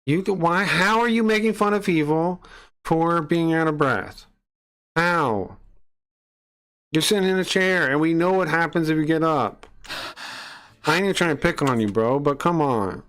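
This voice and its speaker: A man's voice: on the high side, normal speed, pauses often, a bit bright. A man casually reacting to a video, indignant and rambling, often repeating himself.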